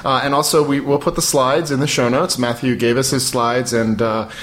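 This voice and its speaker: A man co-hosting a podcast in casual chat, quick and often repeating words as he restarts. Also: mid-range voice, steady tone, a bit bright. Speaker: podcast co-host.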